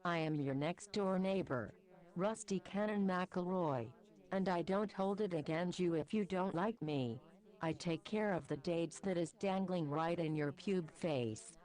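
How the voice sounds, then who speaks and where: A woman's voice: fairly low pitch, darkish tone, low-quality recording. A woman voicing an earnest, polite grown man speaking to his neighbor, close to her own voice.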